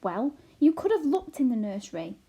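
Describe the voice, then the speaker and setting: A woman's voice: high-pitched, sing-song, normal speed, dark tone, husky, voice pushed up, exaggerated voice. A woman voicing a worried little borrower wife who frets and wails. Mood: fretful. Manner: fretful, wailing.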